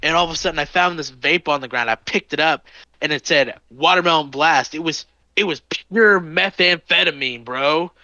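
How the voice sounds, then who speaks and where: A rambling, drug-addled street guy, put on by a man telling a story. The delivery is loose and meandering, a little higher than the teller's own voice. The sound is bright and somewhat dull, as if from a modest home recording. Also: normal speed, no room sound. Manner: rambling conspiracy talk.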